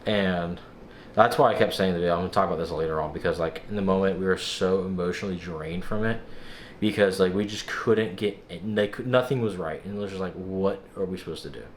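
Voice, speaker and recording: A young man casually vlogging, recounting a frustrating experience in an exasperated, animated way and acting out other people's lines. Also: low-pitched, fairly quick, slight background noise. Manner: exasperated, animated storytelling with quoted dialogue. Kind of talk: casual vlog recap.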